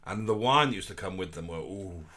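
A man's voice: low-pitched, expressive, brisk, a bit bright. A man co-hosting a livestream, chiming in with camp, playful jokes during casual chat. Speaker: co-host of a livestream.

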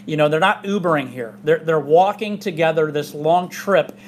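A man's voice: on the high side, normal speed, slight background noise. A male pastor preaching a casual, conversational sermon in a church, with many asides. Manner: conversational, chatty, with frequent fillers and asides. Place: church sanctuary.

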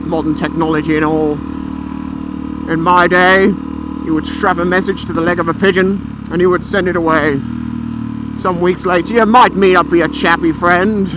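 A man voicing a pompous, old-fashioned gentleman, talking grandly while riding a motorbike outdoors on a helmet camera mic. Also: sits high, fairly even intonation, moderate pace, background noise, lightly acted. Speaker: motorcycle vlogger. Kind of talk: comic character monologue. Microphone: helmet-mounted action camera mic.

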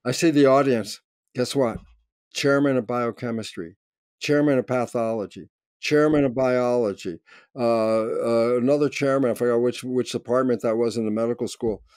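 An older man, a scientist, telling a story in conversation with lively energy, acting out quoted voices and rising to near shouts. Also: medium pitch, normal speed, smooth, dry recording. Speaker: guest scientist.

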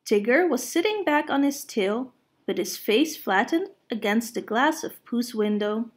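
A woman reading a children's picture book aloud, gentle and expressive. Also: a little high, measured pace. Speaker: storyteller.

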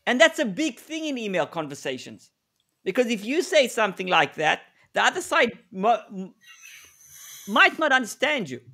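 A man co-presenting a live webinar, telling stories in an animated way and laughing often. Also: high voice, normal speed. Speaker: co-presenter, negotiation expert.

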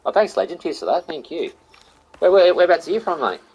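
A man's voice: on the high side, very animated, fast talker, a little mellow, slightly rough, highs cut off. Friendly Australian man streaming games. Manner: chatty, greets viewers by name, says mate and buddy. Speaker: game streamer. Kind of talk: casual live-stream chat.

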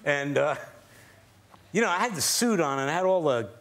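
A man's voice: fairly high pitch, animated, moderate pace, a bit bright. A man guest on a talk show, telling a rambling casual anecdote.

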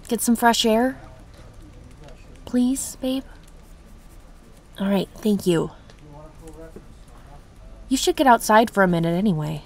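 A young woman voicing a caring girlfriend in an audio role-play, talking softly and reassuringly to her partner. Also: on the high side. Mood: affectionate. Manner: soft, reassuring, tender.

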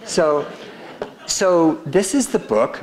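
A man's voice: a little high, sing-song, takes it slowly, darkish tone. An older man giving a conversational, wry public lecture with slides about his book in an auditorium, often laughing at his own jokes. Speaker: speaker presenting his book. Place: town hall auditorium.

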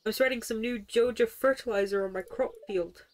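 A woman's voice: a little high, fairly quick, lightly acted. Woman reading a folksy farmer neighbor. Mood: friendly. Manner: reading game dialogue aloud in a chatty, plain way.

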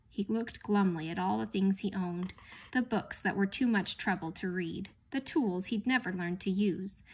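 Woman narrator, storybook reading, steady mid-range voice, expressive and unhurried. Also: medium pitch. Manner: unhurried, expressive read-aloud pacing. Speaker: audiobook reader.

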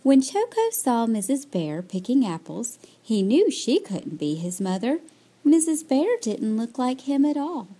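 Woman, children's book read-aloud, slow, expressive, mellow, fairly high voice.

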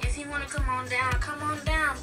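A showy, overexcited young woman brags in a sing-song way, as a vlogger puts her on. The voice is high and bright, with faint music behind it. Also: little pitch movement, brisk. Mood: gushing.

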